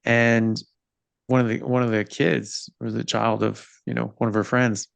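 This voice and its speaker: A man hosts a conversational interview over a video call and makes his points earnestly and with emphasis. His voice has a gravelly edge. The sound is dry and close to the mic. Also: medium pitch, level tone, a little slow, no echo. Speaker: podcast host.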